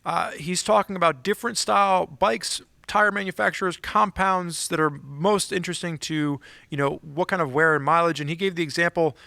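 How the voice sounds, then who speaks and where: A man's voice: a little high, fairly even intonation, normal speed, vocal fry, few pauses, pushed and bright, dry recording. A man co-hosting a casual podcast, chatting and reading listener emails aloud. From Philadelphia area. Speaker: podcast co-host.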